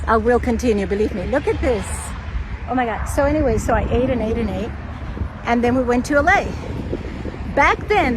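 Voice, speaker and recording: A woman from Cuba with a Cuban Spanish accent, a native Spanish speaker, chatting in a rambling, excitable way and often cutting herself off as she walks a lakeside path, talking into a handheld phone. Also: on the high side. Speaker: vlogger. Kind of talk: casual walking vlog. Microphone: phone held while walking. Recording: outdoor traffic noise.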